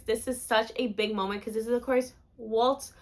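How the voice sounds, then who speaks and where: A woman's voice: a little high, fairly even intonation, moderate pace. A young woman vlogging about theme parks, gushing and emotional as she talks. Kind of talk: excited theme park vlog chat.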